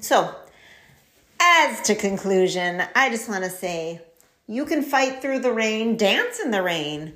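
A woman hosting a casual solo podcast, chatty and candid, with lots of "like" and "um" and lively storytelling. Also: mid-range voice, normal speed. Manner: chatty and candid, frequent fillers like "like" and "um"; animated storytelling with laughs and quoted asides. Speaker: podcast host.

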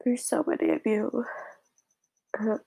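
A young woman vlogger talking to her viewers in a tearful, halting way, with a blocked, nasal voice and many pauses and fillers. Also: on the high side, very animated, vocal fry, warm tone, slightly rough, poor audio. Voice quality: congested, nasal. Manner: halting, whispery and hesitant, full of fillers. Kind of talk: emotional personal talk to viewers.

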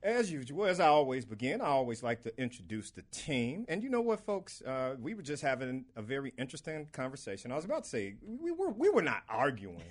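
Animated man hosting a radio show. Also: mid-range voice, brisk, few pauses. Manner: animated, laughing banter. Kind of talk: casual radio talk.

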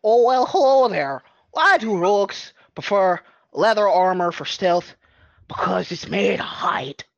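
A woman's voice: medium pitch, expressive, a little slow, vocal fry, dry recording, lo-fi sound. A woman voicing a friendly Canadian joker telling a pun, her put-on accent drifting toward Scottish and Irish. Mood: cheerful. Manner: hesitant, wandering accent.

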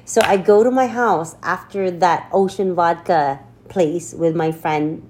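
Animated woman telling a wild story. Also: on the low side, measured pace, slight background noise. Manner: animated, laughing, swearing storyteller. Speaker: podcast co-host. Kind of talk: casual storytelling chat.

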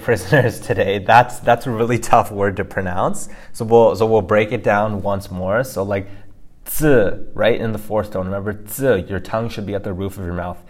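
A man with a very deep voice talks through pronunciation points in a relaxed, conversational teaching style. He is loose and chatty, sprinkling in "like" and "you know" as he explains. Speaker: language podcast co-host.

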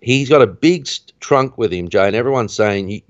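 A man hosting a podcast, casually recapping a film plot in an animated way, his voice rising at the tense moments. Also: mid-range voice, moderate pace, no echo. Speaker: podcast host. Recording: dull, dry lo-fi recording.

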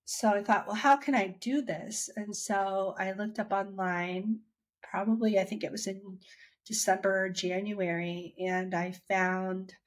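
A woman's voice: medium pitch, fairly even intonation, a little slow. A woman chatting about her own experience, talking freely with restarts and quoting herself and others as she goes. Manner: chatty, with many restarts and acted-out quotes. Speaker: interviewee sharing her dry eye story. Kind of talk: casual conversational storytelling.

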